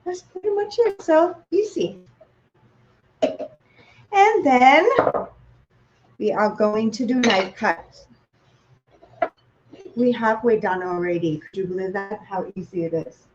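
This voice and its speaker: A Thai-accented woman leads a virtual cooking class, talking slowly and playfully to her viewers. Her voice comes through a slightly dull, muffled home mic with faint room ambience behind her. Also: medium pitch, animated, slight background noise. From Thailand. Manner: chatty, playful, talks to viewers with questions. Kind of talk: live online cooking demonstration.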